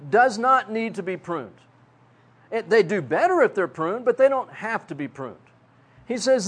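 An older pastor from Texas, preaching a sermon in a folksy, self-mocking way. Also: male voice, sits high.

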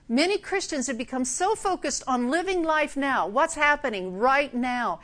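A woman's voice: high-pitched, a bit bright. An older woman giving a conversational sermon, acting out Bible scenes with humor. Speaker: preacher.

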